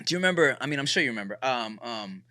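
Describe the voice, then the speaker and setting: A man hosting a podcast, telling stories with a lively, swooping pitch. His voice is bright and cutting, recorded dry and close on a studio mic. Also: very fast, dry recording. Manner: animated, swears freely, acts out quotes. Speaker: podcast host. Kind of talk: casual storytelling chat.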